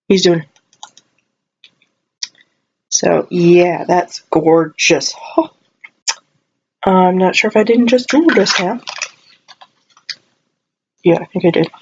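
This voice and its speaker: A woman's voice: lowish voice, drawn-out words, long pauses, muffled recording, slight background noise. A woman rambling casually through a haul video at home, chatty and full of asides and restarts, maybe fighting a cold. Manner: playful voices when quoting herself. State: possible cold. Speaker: vlogger.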